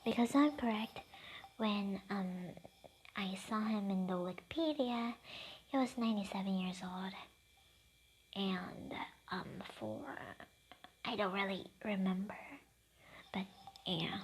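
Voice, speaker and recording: A woman's voice: mid-range voice, takes it slowly, long pauses, breathy edge. A woman casually improvising a fan-fiction story, rambling and hesitant, often half-whispering.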